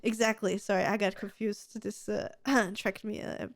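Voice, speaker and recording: A woman's voice: medium pitch, fairly even intonation, normal speed, background noise. A woman in her thirties co-hosting a podcast, chatting casually in a gushing, giggly way and swearing freely. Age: 30s. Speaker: podcast co-host. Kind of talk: casual chat.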